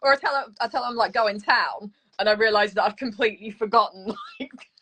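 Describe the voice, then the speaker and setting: A woman's voice: on the high side, quick pace, sharp tone, slight background noise. A woman from England with a Leicester accent, chatting as a guest author over a video call, swearing freely and filling her talk with "like" and "you know". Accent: Leicester English. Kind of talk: casual video call chat.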